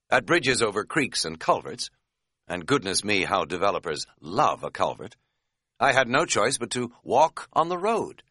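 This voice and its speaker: Man, wry memoir narration, low voice, lively swings in pitch, bright tone, dry close recording. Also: no echo. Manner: wry, self-mocking humor. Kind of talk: scripted narration of a travel memoir.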